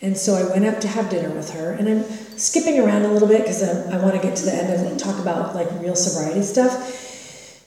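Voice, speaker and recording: A woman's voice: mid-range voice, brisk, dark tone, recorded from a distance. Candid middle-aged woman in an echoey hall. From California. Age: 50s. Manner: candid, self-mocking, conversational storytelling. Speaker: recovery meeting speaker. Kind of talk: personal recovery share. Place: large meeting hall.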